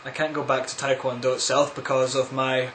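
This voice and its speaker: A man's voice: mid-range voice, level tone, a little fast, a bit bright, a little hiss or hum. Rambling jokey man, echoey room. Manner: jokey, rambling, crude absurd humour. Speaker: vlogger answering viewer questions. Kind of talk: casual rambling Q&A vlog.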